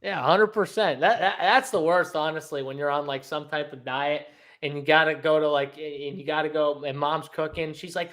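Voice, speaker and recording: A man's voice: on the high side, steady tone, moderate pace, a bit bright. A man hosting a fight-betting show, chatty and profane, laughing often as he breaks down picks. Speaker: host. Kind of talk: casual sports betting talk.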